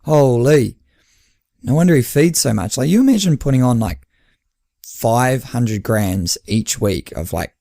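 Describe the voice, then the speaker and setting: A man hosts a casual podcast, telling running-coach stories in a mid-range, animated voice at a measured pace, with vocal fry and a dark tone. He's a chatty storyteller who acts out quoted dialogue with laughs. The recording is dry and clean, studio quality.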